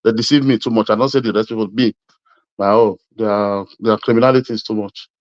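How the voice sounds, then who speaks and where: A man's voice: lowish voice, fairly even intonation, fairly quick, no echo, muffled recording. A man from Edo State speaking Nigerian Pidgin, arguing politics insistently and repeating his points, calling the listener "my brother". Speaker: interviewee. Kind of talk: heated political argument.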